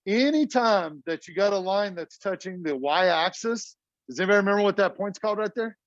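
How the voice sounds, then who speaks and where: A chatty middle-aged math teacher with a high voice. He talks to his class in a casual, talkative way. The classroom recording sounds dull and dry. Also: lively intonation, brisk, dry recording.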